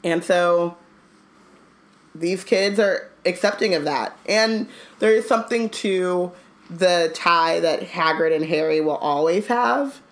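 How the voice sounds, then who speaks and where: Lower-voiced woman talking over a book, lots of likes and ums, thinking out loud. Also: slow, rough recording. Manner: thoughtful, with many likes and ums. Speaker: podcast co-host. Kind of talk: casual book discussion.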